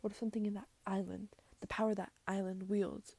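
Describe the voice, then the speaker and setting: A woman voicing a determined woman bargaining with a queen, in a hushed whispered role-play. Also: mid-range voice, flat delivery, a little fast, creaky, slightly rough, no room sound, rough recording. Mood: coaxing. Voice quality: hushed, coaxing.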